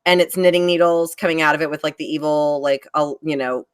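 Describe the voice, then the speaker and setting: A woman's voice: sits low, steady tone, fairly quick, clean tone. A woman speaking as a guest in a casual chat on a live stream, rambling along with lots of fillers as she shows her designs. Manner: chatty, rambling, many fillers.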